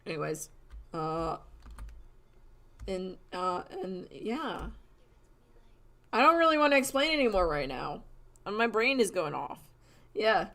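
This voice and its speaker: A woman's voice: medium pitch, very animated, slow, pauses often, a bit bright. Tired, rambling woman streamer. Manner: rambling, many fillers and restarts, crude slang. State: tired, late at night. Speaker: livestreamer. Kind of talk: casual livestream chat.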